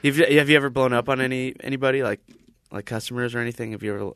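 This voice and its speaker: Podcast host guy, mid-pitch voice, easygoing questions, dry sound. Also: very fast, dry recording. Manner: relaxed, asks follow-up questions, stammers on starts. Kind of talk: casual interview.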